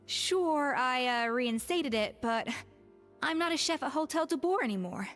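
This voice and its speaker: A woman's voice: high voice, expressive, unhurried, fairly bright tone, faint music behind. An actress playing a poised former head chef in a game, cool and cutting in her remarks.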